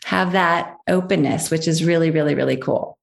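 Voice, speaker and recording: A woman's voice: sits low, normal speed, gravelly. A woman recounting a family story as an interview guest. She leans on repetition for emphasis and slips into others' voices when she quotes them. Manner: emphatic, repeats key phrases. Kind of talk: personal storytelling.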